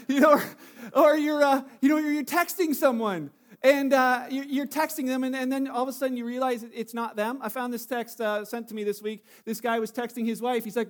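A man's voice: extremely high pitch, little pitch movement, brisk. A man giving a chatty sermon full of jokes and stories, with many fillers and restarts, from Canada. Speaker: pastor.

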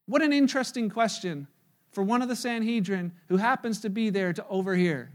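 A man preaching a sermon, retelling a story and acting out the quotes in lively voices, sometimes dropping to a hushed tone. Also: high voice, brisk. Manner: animated storyteller, voices crowd quotes, drops to hushed tones. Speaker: pastor. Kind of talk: sermon with acted-out dialogue.

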